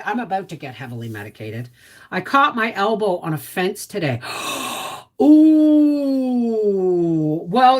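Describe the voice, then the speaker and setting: A woman's voice: lowish voice, a bit bright. A middle-aged woman hosting a casual livestream, greeting viewers and answering their comments in a chatty, sympathetic way.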